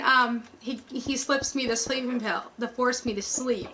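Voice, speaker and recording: A woman's voice: sits high, fairly even intonation, normal speed, sharp tone, rough recording. A woman rambling through a personal story in casual chat, swearing freely and acting out what people said. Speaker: YouTube host.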